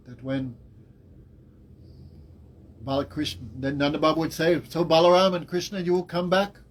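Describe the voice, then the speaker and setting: A man giving a devotional class as a spiritual teacher, telling the story in a lively way. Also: fairly high pitch, slight background noise, poor audio. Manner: animated storytelling with laughs and acted quotes.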